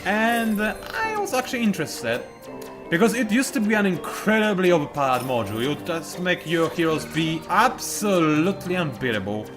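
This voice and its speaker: Lively-voiced man commentating a game. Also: high voice, normal speed. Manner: chatty, explains moves as he plays, trails off and restarts. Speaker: let's play commentator. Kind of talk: gameplay commentary. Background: game music.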